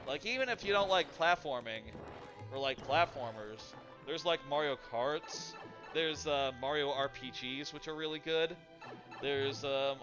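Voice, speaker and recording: A man streaming a game, rambling casually with lots of fillers while he plays and answers chat. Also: mid-range voice. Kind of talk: casual live-stream commentary while gaming.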